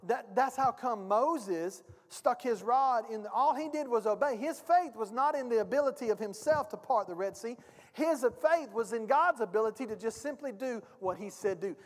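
A male pastor preaching a sermon, emphatic and speaking directly to his congregation. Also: extremely high pitch. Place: church sanctuary. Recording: long reverb of a church hall.

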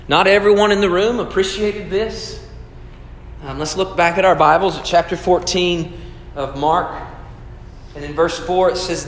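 A man's voice: on the high side, slight background noise. A pastor preaching a sermon in an earnest, conversational way, asking his listeners questions. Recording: echoey hall with long reverb.

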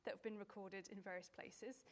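A woman marine biologist giving a lively, playful presentation to a live audience with children, chatty and full of ums. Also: mid-range voice, brisk. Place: stage in front of an audience.

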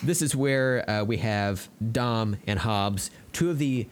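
A man co-hosting a podcast, recapping film scenes in a relaxed, casual way with lots of ums and uhs. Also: fairly low pitch, slow pace, clear, resonant tone. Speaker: podcast co-host. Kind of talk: casual movie recap chat.

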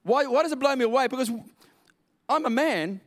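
A man's voice: extremely high pitch, animated, a little fast. A man preaching a sermon in an emphatic, repetitive way, drawing out key words.

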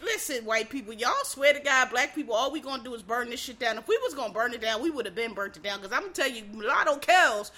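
A woman's voice: fairly high pitch, lively intonation, fast, few pauses, pushed and bright. A woman from Philadelphia in a casual, profane monologue, ranting bluntly as a podcast host.

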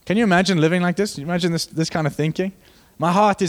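A young man preaching a sermon, animated and joking with the congregation, building to fervent emphasis. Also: high-pitched, fast, hardly any pauses. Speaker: pastor.

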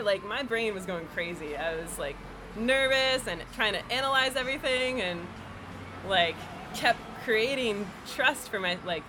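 A woman from New York telling a personal story as an interview guest, animated and full of "like" fillers. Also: medium pitch, normal speed, background noise. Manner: animated, filler-heavy with lots of "like". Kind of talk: casual storytelling.

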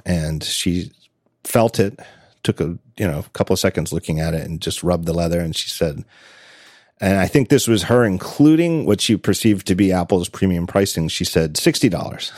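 A man's voice: deep voice, normal speed, long pauses, darkish tone, no room sound, studio quality. A man hosting a podcast in casual chat, telling stories with frequent laughs and self-corrections. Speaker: podcast host.

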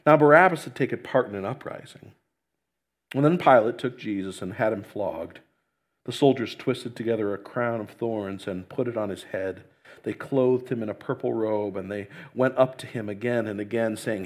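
A man's voice: lowish voice, moderate pace. A male pastor praying and then reading scripture aloud in an earnest, emphatic way. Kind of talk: sermon with prayer and scripture reading.

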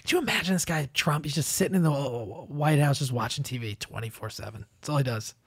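A man's voice: medium pitch, expressive, quick pace, fairly bright tone, husky, dry recording, clean studio sound. A young man hosting a podcast, chatting casually in a joking, sarcastic way and laughing often. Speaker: podcast host. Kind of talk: casual chat.

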